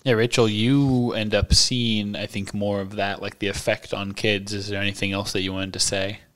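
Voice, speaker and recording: A man's voice: lowish voice, flat delivery, normal speed, a bit bright. A man hosting a podcast, reading a novel aloud and discussing it. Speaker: podcast host and reader.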